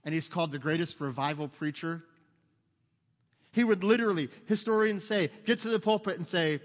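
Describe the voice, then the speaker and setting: A middle-aged man, preaching a sermon in an animated, conversational way with humor and asides, in a church sanctuary. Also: a little high, fairly quick. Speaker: pastor. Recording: long hall reverb.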